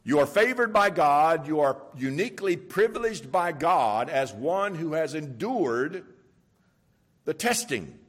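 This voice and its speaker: A man's voice: fairly high pitch, animated, measured pace, a bit bright. A man preaching a sermon in a conversational, storytelling way, stressing points by repeating them. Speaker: pastor.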